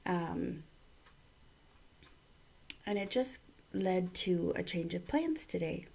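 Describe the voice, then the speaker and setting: A woman in her thirties from Canada gives a morning devotional vlog, speaking quietly in a half-whisper so her upset child down the hall can't hear. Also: lowish voice, gravelly, slightly rough. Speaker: mother giving a morning devotional. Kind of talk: hushed personal vlog devotional.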